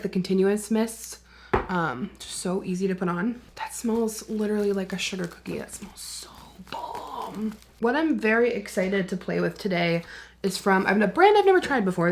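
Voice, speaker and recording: A young woman talks straight to the camera in a relaxed get-ready-with-me chat while she does her makeup at home. She is chatty and candid and slips into soft whispers now and then. Her voice sits at an ordinary middle pitch. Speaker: beauty vlogger.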